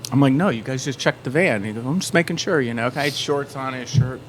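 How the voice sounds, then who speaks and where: A man in the middle of a long story, talking at an ordinary middle pitch. He acts out the other people's lines with sudden loud bursts. A faint hiss sits under his voice. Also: fast talker. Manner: animated storyteller, acts out shouted quotes. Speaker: band member. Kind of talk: storytelling in casual chat. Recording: faint background noise.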